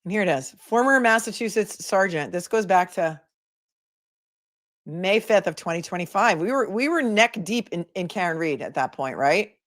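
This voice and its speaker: A woman's voice: medium pitch, lively intonation, normal speed. A woman, an attorney, hosting a casual livestream, chatting and laughing often as she reads viewer comments aloud.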